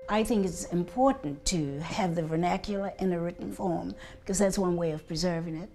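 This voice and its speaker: A woman's voice: lowish voice, brisk, faint music behind. An older woman from Bermuda with a Bermudian accent, talking emphatically and telling stories in a documentary interview. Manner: emphatic, animated storytelling.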